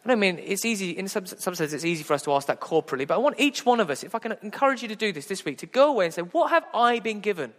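A pastor gives a lively, rousing sermon, throwing rhetorical questions at his congregation with a light, humorous touch. His voice sits fairly high for a man, and a long reverb hangs in the church around him. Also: racing, few pauses. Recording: echoey church hall.

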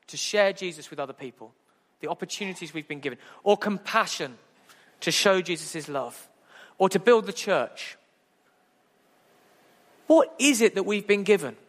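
A pastor gives a lively, rousing sermon, throwing rhetorical questions at his congregation with a light, humorous touch. His voice sits fairly high for a man, and a long reverb hangs in the church around him. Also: normal speed, pauses often. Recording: echoey church hall.

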